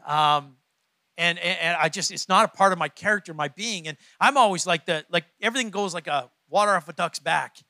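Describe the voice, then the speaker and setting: A man's voice: sits high, fairly quick, pushed and bright, no echo. A male pastor preaching a conversational sermon to his church, often repeating his words as he goes. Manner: conversational, repeats words, laughs between points.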